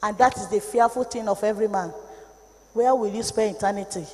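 A woman with a Nigerian accent preaching an impassioned sermon, moving from low warnings to shouted rebukes. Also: brisk, in a large hall.

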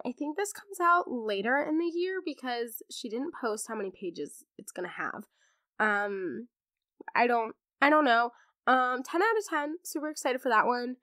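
Young female podcast host, hoarse, animated and gushing, higher voice. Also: no room sound, studio quality. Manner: gushing, animated, acts out characters in quotes. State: hoarse from laryngitis. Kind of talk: casual book chat.

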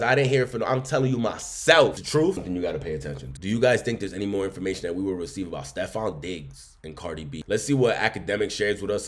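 A man hosting a reaction channel, giving blunt, emphatic opinions. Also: low voice. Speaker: commentary channel host. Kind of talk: reaction commentary.

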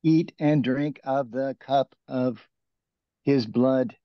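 A man speaks eagerly in a study class, piling up word meanings. His voice is mid-pitched. The call audio is slightly muffled and dry. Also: slow, dry recording. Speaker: student. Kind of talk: class discussion.

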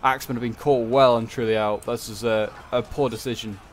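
A gameplay commentator delivers casual, rambling commentary on a strategy game battle, correcting himself and throwing in joking asides. His medium-pitched voice moves briskly with fairly even intonation.

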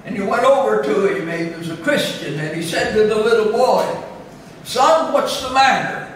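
A man preaching a sermon as pastor, slow and deliberate, lifting his voice on scripture readings. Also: high voice. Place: church chapel. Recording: echoey chapel from a distance, faint room noise.

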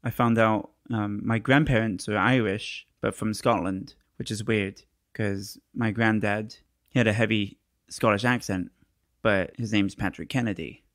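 A man's voice: on the low side, steady tone, measured pace, a bit bright, dry recording, studio quality. A man from England co-hosting a podcast in casual chat, teasing and laughing at his own jokes. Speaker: podcast co-host.

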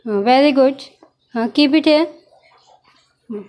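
A woman's voice: high-pitched, a little mellow, slight background noise. A young mother patiently teaching her toddler animal names, praising and prompting with questions. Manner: slow, coaxing, praising, asks prompting questions.

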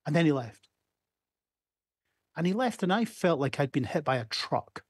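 A Scottish emergency doctor in his fifties gives a storytelling keynote over a video call, sharing candid anecdotes with small restarts. His voice is fairly high and very animated, at normal speed with long pauses and a slightly rough texture. The recording is clean studio sound with no room echo.

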